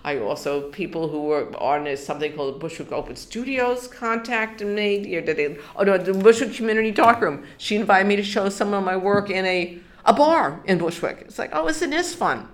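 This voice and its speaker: A woman's voice: medium pitch, lively intonation, brisk, hardly any pauses. An older woman from New York in an oral history interview, telling her story with many restarts and bits of quoted dialogue.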